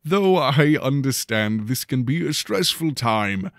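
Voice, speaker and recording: A man's voice: medium pitch, expressive, measured pace, dry recording, studio quality, pitched above the performer's own voice. A man playing a grand academy head giving a theatrical address to students. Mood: declaiming. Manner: declaiming, theatrical.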